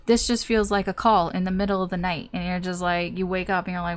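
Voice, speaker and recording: A woman's voice: mid-range voice, fairly quick, hardly any pauses. A young woman doing a casual tarot reading, rambling and chatty with lots of fillers, acting out the feelings of the people she describes. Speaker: tarot reader.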